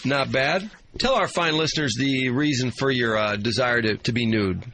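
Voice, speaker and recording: A man's voice: mid-range voice, moderate pace, sharp tone, a little hiss or hum. A man co-hosting a radio show, mocking and crude in a brash banter style. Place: radio studio.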